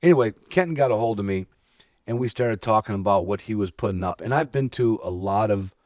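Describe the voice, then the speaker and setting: A man's voice: fairly low pitch, animated, brisk, darkish tone, no room sound, studio quality. A man from Illinois hosting a casual podcast chat, rambling and joking and often restarting his sentences. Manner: rambling, jokey, talks over himself. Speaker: podcast host. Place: indoors at a hunting preserve.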